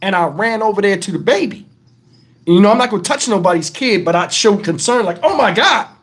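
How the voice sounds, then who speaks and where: A man's voice: high-pitched, a little fast. A middle-aged man, telling a rambling story as host of his own channel. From Texas, USA. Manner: animated, profane, rambling with many asides. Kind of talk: casual storytelling to camera.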